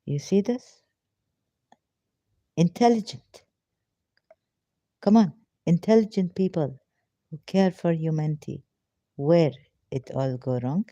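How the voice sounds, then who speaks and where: A woman's voice: low-pitched, slow pace, long pauses, mellow, no room sound. A woman reading a religious text aloud and breaking off with emotional, pleading rhetorical questions. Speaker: ex-Muslim commentator. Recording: dull, lo-fi, dry sound.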